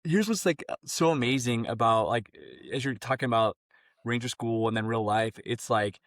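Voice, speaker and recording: A man hosting a podcast, reacting excitedly and laughing, then rambling through his thoughts. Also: medium pitch, moderate pace, no room sound, studio quality. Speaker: podcast host. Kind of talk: casual conversational interview.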